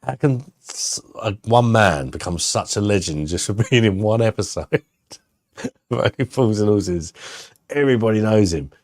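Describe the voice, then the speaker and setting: A man chats on a live stream, trading crude jokes and banter with his viewers. His voice sits low. The sound is close and dry, with no room around it. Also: animated, moderate pace, darkish tone, dry recording. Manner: banter-heavy, jokey and crude.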